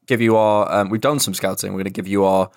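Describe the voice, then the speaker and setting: A man's voice: lowish voice, fairly even intonation, quick pace, no room sound, clean studio sound. A young man co-hosting a casual podcast, chatty and rambling, swearing casually. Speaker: podcast co-host. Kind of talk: casual chat.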